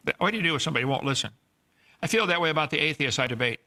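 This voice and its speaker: A male preacher with a raised, somewhat high voice, gravelly with creak and bright in tone. He preaches in an earnest, pleading manner, scolding the people who will not listen. The clip is played from an archive recording. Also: expressive, racing. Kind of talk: sermon on scripture.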